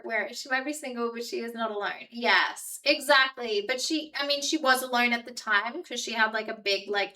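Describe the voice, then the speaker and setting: A woman's voice: fairly high pitch, bright, forceful tone, far from the mic, rough recording. Chatty Australian woman streamer. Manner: chatty, rambling, heavy use of "like". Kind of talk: casual live-stream chat.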